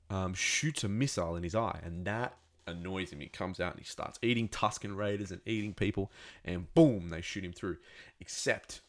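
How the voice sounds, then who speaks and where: Rambling, lower-voiced man recapping a show. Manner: rambling, animated, with many restarts and sound effects. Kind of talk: casual spoken recap.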